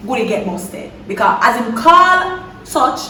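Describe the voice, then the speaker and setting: Young jamaican girl spinning a dramatic story, high sharp voice, kinda echoey. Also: measured pace, far from the mic, slight background noise. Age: young adult. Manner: animated, dramatic storytelling with patois slipping in. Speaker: vlogger. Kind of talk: storytime chat.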